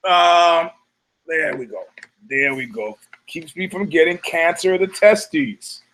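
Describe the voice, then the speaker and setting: A man's voice: fairly high pitch, animated, takes it slowly, a bit bright. Rambling sardonic man hosting a podcast. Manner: rambling, sardonic, profane, with restarts. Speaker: podcast host. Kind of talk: casual solo podcast monologue.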